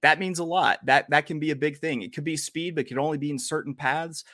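A man's voice: a little high, fast, sharp tone, dry recording, studio quality. A man hosting a horse racing podcast in a casual, joking way, wandering into rambling asides. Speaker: podcast host.

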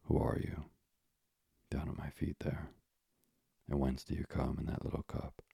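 A man's voice: rumbling low, level tone, a little slow, vocal fry, mellow, slightly rough, no echo, studio quality, exaggerated voice. A man voicing Atlas, a weary sky-holding giant. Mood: mocking.

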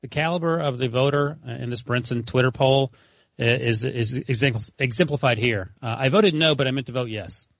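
A man's voice: medium pitch, brisk, no room sound. A man co-hosting a sports podcast, trading dry, sarcastic one-liners. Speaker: podcast co-host. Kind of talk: casual sports banter. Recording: dull, lo-fi, dry studio sound.

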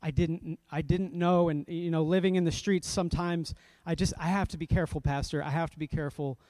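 A man putting on a tall, wary man from the streets, suddenly flustered and apologizing over and over, in a slightly higher voice. The sound is dry and close, with no room around it. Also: fairly even intonation, brisk, a little mellow, no room sound, close to an everyday voice. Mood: flustered apology.

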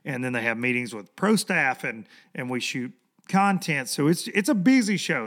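A man hosting a fishing podcast in casual chat, hoarse from losing his voice, rambling and repeating words for emphasis. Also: mid-range voice, very animated, normal speed, a bit bright.

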